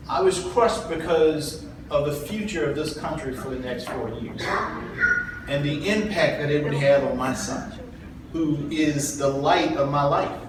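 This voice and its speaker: A man from South Carolina giving an earnest, folksy political speech to a convention crowd. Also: fairly high pitch. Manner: earnest, folksy, rising to rallying calls. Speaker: party chair candidate. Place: large convention hall. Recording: echoey hall from far off, faint noise.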